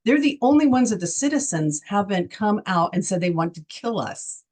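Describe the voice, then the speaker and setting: A woman's voice: mid-range voice, sing-song, moderate pace, darkish tone. Woman from Texas, emphatic talk-show co-host, rhetorical questions, casual political chat.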